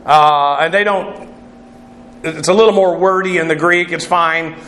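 A man's voice: fairly high pitch, steady tone, unhurried, a bit bright, echoey room, a little hiss or hum. A man teaching a Bible class as its pastor, working through Greek words methodically, spelling them out letter by letter, with many "uh" fillers. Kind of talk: verse-by-verse Greek word study.

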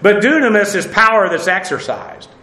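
A man with a high, bright voice leads a verse-by-verse Bible study, unpacking Greek words and spelling them out letter by letter. He talks in a relaxed way, full of fillers, and chuckles at his own jokes. The room has a noticeable echo. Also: moderate pace. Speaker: Bible teacher.

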